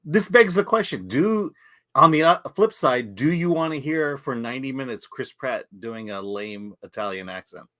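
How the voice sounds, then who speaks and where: Bright-voiced man chatting on a livestream. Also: medium pitch, animated, normal speed, dry recording. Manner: easygoing, laughs along, asks rhetorical questions. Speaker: podcast co-host. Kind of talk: livestream film chat.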